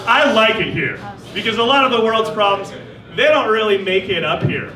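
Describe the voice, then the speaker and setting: A man performing stand-up with a high, light voice and a wry, deadpan delivery. He sounds roomy and set back from the mic in a live venue, with a crowd around him. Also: normal speed, recorded from a distance. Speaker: stand-up comedian. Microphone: stage mic. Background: audience laughter.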